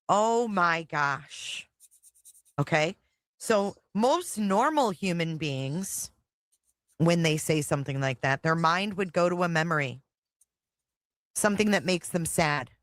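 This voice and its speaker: A woman's voice: fairly low pitch, animated, takes it slowly, pauses often, fairly bright tone, no room sound, clean studio sound. A woman hosting a casual reaction stream, blunt, profane and exasperated as she comments. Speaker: livestream commentary host.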